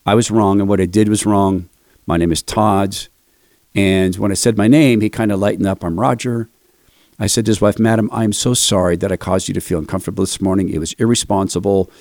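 A man's voice: on the low side, fairly even intonation, a little fast, darkish tone, no room sound, clean studio sound. An older man hosting a commentary show, telling a self-deprecating story between clips.

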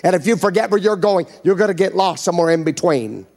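A man preaches a fervent sermon in a church, calling out to the crowd for responses. His voice sits a little higher than usual for a man. He acts out the scripture scenes as he goes. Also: expressive, fast talker, a little mellow. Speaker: evangelist preacher. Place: church before a congregation.

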